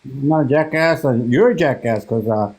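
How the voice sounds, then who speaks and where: A man's voice: mid-range voice, normal speed, background noise. A man arguing politics, stubborn and defensive, repeating his points over and over. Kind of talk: heated political debate.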